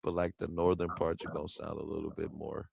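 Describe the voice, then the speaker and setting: Deep gravelly dude in a group chat, keeps pushing his point, dark low voice. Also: level tone, brisk, noisy background. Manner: insistent, repeats his points.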